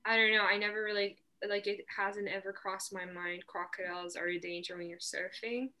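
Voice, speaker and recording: A young woman from Portugal chatting casually as a guest, telling stories in a relaxed way with lots of fillers. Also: medium pitch, brisk. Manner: relaxed storyteller, many fillers. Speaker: guest surfer. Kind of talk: casual chat.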